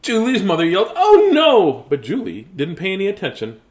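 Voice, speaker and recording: A man's voice: high voice, very animated, fast, slight background noise. A man in his fifties reading children's books aloud, joking, singing silly rhymes and chatting between pages. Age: 50s. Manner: goofy, sings silly rhymes, jokey asides. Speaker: children's book reader. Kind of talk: playful read-aloud with banter.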